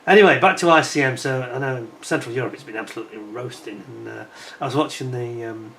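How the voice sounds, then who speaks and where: A chatty British man from the United Kingdom reviews scale model kits in a casual, rambling way, drifting onto tangents and using frequent fillers. His medium-pitched voice is fast, gravelly, and a bit bright. He is indoors at home in a warm room with a fan, with slight background noise.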